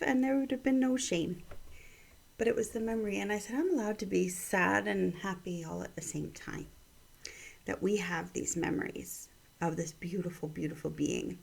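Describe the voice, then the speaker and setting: A middle-aged woman and mother telling a personal story and offering gentle encouragement, often dropping into soft whispers. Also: on the low side, gravelly. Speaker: vlog host giving encouragement.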